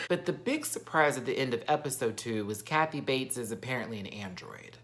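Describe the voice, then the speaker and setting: Campy guy doing a tv recap rant, bright voice, swoops all over the place. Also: mid-range voice, big pitch swings, fairly quick. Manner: sassy, campy and theatrical. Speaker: TV recap vlogger.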